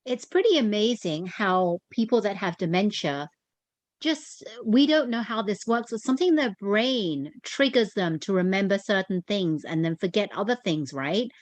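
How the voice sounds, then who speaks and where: A woman co-hosting a casual chat show, explaining her thoughts in a relaxed, thoughtful way. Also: mid-range voice, moderate pace, dry recording. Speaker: co-host.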